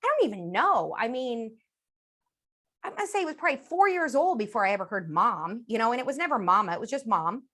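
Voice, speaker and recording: A woman in her fifties, a speech-language pathologist, talking as a guest on an interview podcast and lively acting out children's phrases. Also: sits high, fast. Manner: animated, acts out children's phrases in a sing-song voice.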